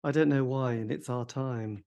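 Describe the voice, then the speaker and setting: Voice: medium pitch, normal speed, warm tone. An interviewer asks questions in a chatty way, often ending them with tag questions. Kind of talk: casual interview.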